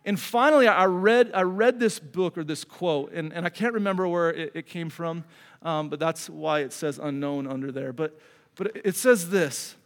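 This middle-aged man's voice leans high as he preaches at a moderate pace, with a long reverb tail trailing his words. Speaking as a pastor, he is earnest and conversational and frequently restarts sentences.

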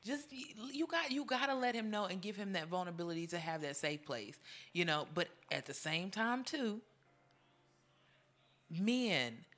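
Animated young woman co-host. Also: fairly low pitch, moderate pace. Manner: animated, acts out quoted partners. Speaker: podcast co-host. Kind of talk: casual frank chat.

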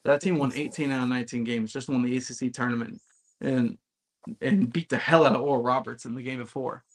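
A man's voice: mid-range voice, steady tone, a little fast. A man co-hosting a casual sports podcast, talking bluntly and emphatically about his team. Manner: emphatic, blunt, occasionally profane. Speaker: podcast co-host.

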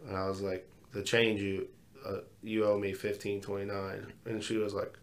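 A man co-hosting a podcast, telling animated, profanity-laced stories in casual chat. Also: lowish voice, moderate pace. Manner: swears a lot, animated storytelling. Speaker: podcast co-host.

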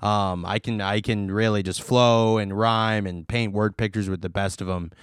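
Smooth-voiced wisecracking man. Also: on the low side, steady tone, normal speed, dry recording, clean studio sound. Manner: wisecracking, playful with wordplay. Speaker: podcast co-host. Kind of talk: casual podcast chat.

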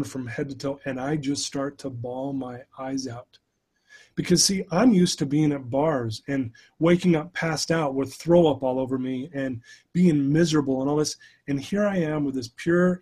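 Brief: middle-aged male guest, husky, slightly high voice, animated storyteller. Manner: animated storyteller who addresses the host by name. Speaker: guest, life coach and motivational speaker. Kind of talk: conversational storytelling in a podcast interview.

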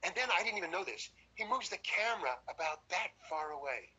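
An older man recounts an anecdote in a loose, animated way, cursing casually as he goes. His voice sits high and sounds very bright, with a husky grain underneath. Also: a little fast, poor audio. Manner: animated storyteller who swears freely. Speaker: guest.

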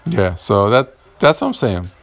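Man, low-pitched voice, rambling casual monologue, swears a lot, recorded in a garage. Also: animated, a little slow, gravelly, faint music behind. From Puerto Rican heritage. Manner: rambling, profane, gets heated. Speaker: podcast host.

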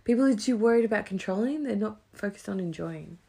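A young woman, chatting casually, swearing a lot and swinging between loud outbursts and low mutters. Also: animated, fast, creaky. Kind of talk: casual chat.

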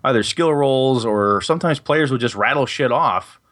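A man's voice: mid-range voice, moderate pace, a bit bright. A man hosting a casual tabletop gaming podcast, rambling and correcting himself as he talks, with casual swearing. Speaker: podcast host and game master.

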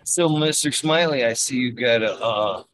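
A man's voice: medium pitch, normal speed, a bit bright, low-quality recording. A man hosting a casual livestream chat, greeting viewers and guests by name in a laid-back way. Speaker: host.

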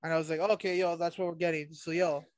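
High-voiced young man hyping wrestling, dry sound. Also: little pitch movement, no room sound. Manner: enthusiastic, profane, quick agreement. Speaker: podcast co-host. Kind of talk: casual wrestling recap chat.

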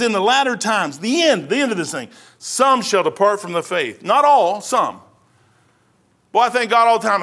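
A man preaching a sermon from the pulpit. His voice sits high and sounds bright and forward. He talks in a folksy, conversational way, full of slang and quick asides. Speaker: pastor.

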